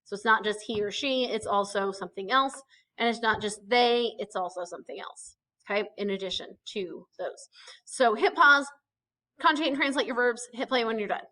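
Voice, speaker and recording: A woman's voice: a little high, moderate pace, bright, forceful tone, rough recording. A woman, a teacher explaining a lesson step by step, often saying "okay" and "um.". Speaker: Spanish teacher. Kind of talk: recorded lesson narration.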